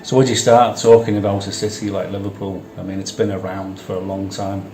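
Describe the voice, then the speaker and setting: A man with a fairly low voice narrates a vlog in a relaxed, chatty way and repeats his points for emphasis. His voice echoes around the room. Clear music plays behind him. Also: brisk. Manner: conversational, repeats phrases for emphasis. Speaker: vlog host.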